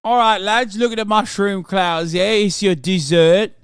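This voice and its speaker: A man putting on a mocking, blustery British army officer, loud and jeering. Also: high voice, steady tone, unhurried, clean tone, voice pushed up. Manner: loud, jeering, laughing mid-line.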